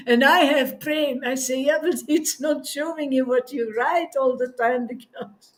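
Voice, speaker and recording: A woman's voice: high voice, slow, a little mellow. A woman giving a devotional talk as a spiritual teacher, laughing often and sounding tearful and effusive as she speaks.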